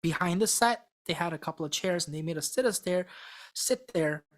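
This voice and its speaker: A woman's voice: fairly low pitch, a little fast. A woman being interviewed as a singing contestant, telling her story in a casual, rambling way full of fillers and restarts. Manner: acts out quoted people in a mock-excited voice. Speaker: singing contestant guest on a podcast.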